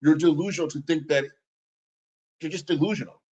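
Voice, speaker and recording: A man's voice: fairly high pitch, a little fast, a little mellow, breathy edge, dull audio. A man streaming a heated reaction, talking back to a video in a combative, mocking, profane way.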